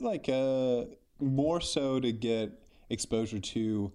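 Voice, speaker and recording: A man's voice: medium pitch, slow pace, dark tone, clean tone. A man chatting casually as a podcast co-host, rambling with lots of fillers. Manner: rambling, filler-heavy, slips into mock voices. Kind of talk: casual chat.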